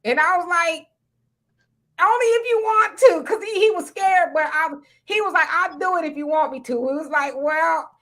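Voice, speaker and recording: High bright animated woman telling a story. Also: normal speed, few pauses. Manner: animated storyteller acting out quoted people. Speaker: host. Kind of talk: casual storytelling chat.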